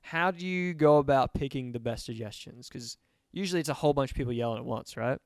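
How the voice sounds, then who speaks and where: Young student, clear voice. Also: male voice, mid-range voice, quick pace, a little mellow, dry recording, clean studio sound. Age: young adult. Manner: chatty, many fillers. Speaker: student interviewer. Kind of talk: casual interview.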